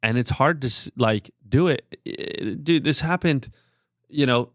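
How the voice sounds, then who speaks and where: Here a man in his thirties shares something personal on a podcast, candid and earnest but rambling, with frequent filler words. His voice is mid-range and a bit slow, captured dry at studio quality.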